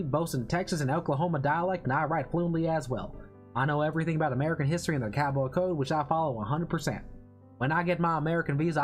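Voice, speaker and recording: A man putting on a boastful cowboy rancher voice, with a slow drawling delivery. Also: on the high side, lightly acted. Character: boastful cowboy rancher man, eager fan of American culture.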